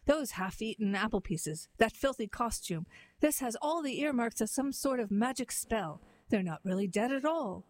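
Casting: a woman doing a bossy, scheming giant leader, brisk and businesslike. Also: a little high, expressive, darkish tone, no echo, close to an everyday voice.

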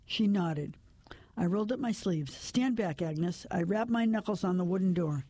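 A woman narrating a first-person story, reading it in a measured, steady way. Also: lowish voice, breathy edge, dry recording.

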